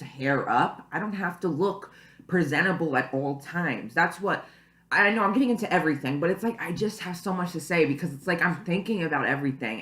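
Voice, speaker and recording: Young woman rambling to her camera, low voice, lots of "like" and "you know", echoey room. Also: a bit bright. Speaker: vlogger. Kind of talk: casual to-camera vlog. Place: at home, early morning. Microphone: camera mic.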